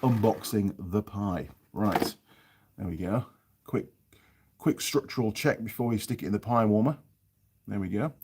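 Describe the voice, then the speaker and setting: A man with a softened Yorkshire accent, hosting a casual live stream from a cold workshop, chatting and reading out viewer comments. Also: fairly low pitch, moderate pace, pauses often, slightly rough. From North Yorkshire, England. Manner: chatty, rambling, reads viewer comments aloud.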